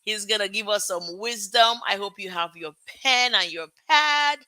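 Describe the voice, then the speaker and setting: A woman hosting a live show, opening with gushing, excited welcomes to her viewers. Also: medium pitch, moderate pace, no echo. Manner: bubbly, gushing and effusive. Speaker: host. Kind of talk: excited livestream show intro.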